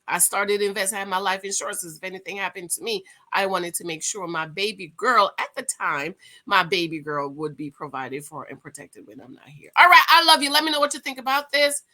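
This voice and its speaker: A middle-aged woman hosting her own channel, talking to viewers in an animated, storytelling way. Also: fairly quick. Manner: animated storyteller, big swings in pitch and loudness. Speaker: channel host. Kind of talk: casual vlog monologue.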